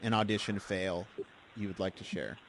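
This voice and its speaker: A man's voice: sits low, normal speed, a little hiss or hum. A man hosting a podcast, chatting casually with his guest and chuckling along. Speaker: podcast host. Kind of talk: casual interview chat.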